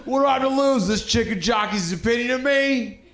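A man doing a stand-up routine, brash and profane, working himself up to shouts on stage. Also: very high-pitched, fairly quick. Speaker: stand-up comedian. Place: comedy club stage. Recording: roomy club with audience laughter.

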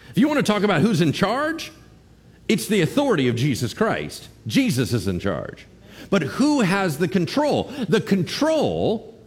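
A male pastor preaching a sermon in a lively, conversational way, joking and putting questions to his congregation. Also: on the high side, breathy edge. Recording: long reverb of a large hall.

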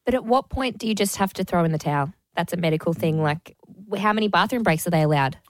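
A woman co-hosting a radio show who reacts playfully and giggles through the talk. Her voice is a bit low with a lively, bouncing pitch, recorded dry and close in a studio. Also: quick pace, no room sound. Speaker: radio co-host. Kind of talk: casual radio banter.

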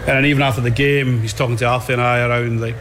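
A man speaks as a rugby coach, calm and reflective as he praises a player. The clip carries clear background noise from the room around him. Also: mid-range voice, fast. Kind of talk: post-match press comments.

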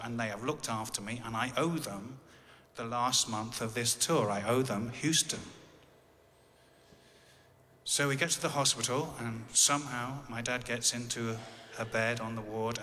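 A man's voice: mid-range voice, sharp tone, long reverb tail, slight background noise. An English man telling a personal story in a conversational way with dry, wry humor. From England.

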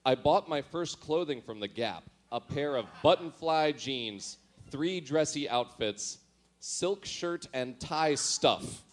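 A man's voice: a little high, animated, takes it slowly. Man reading his old diary, laughing. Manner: self-mocking, often laughing through lines; dramatic, mock-earnest delivery when reading entries. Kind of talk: comedic reading of diary entries with asides.

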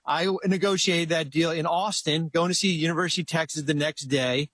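A man's voice: fairly high pitch, fairly even intonation, a little fast, fairly bright tone, dry recording. A middle-aged man telling a long story in casual chat as a guest, rambling with many restarts and fillers.

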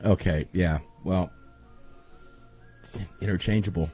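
A male radio host in casual talk, halting and often repeating his words. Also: sits low, mellow, soft background music. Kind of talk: casual political talk show chat.

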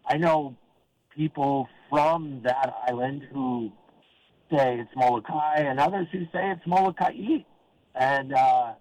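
An older man from Oregon calling into a sports talk show, rambling in a halting, friendly way with lots of fillers and restarts. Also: medium pitch, a little mellow, no room sound, highs cut off. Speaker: caller. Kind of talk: casual call-in chat.

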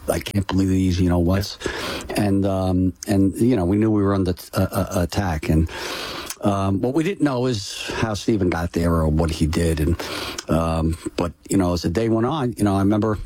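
An older man tells a personal story as an interview guest, halting and restarting often. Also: low voice, warm tone, no echo. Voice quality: halting, full of restarts and "you know". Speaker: interview guest, brother of a firefighter.

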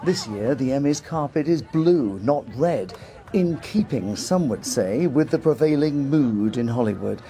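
Mellow reporter guy reading a news package, steady and measured. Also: medium pitch, soft background music. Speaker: correspondent.

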